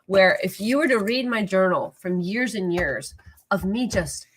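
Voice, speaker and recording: A woman's voice: medium pitch, animated, measured pace, slightly rough. Passionate woman sharing her testimony. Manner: passionate, confessional, repeats phrases for emphasis. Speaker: marriage ministry co-host. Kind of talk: candid personal testimony.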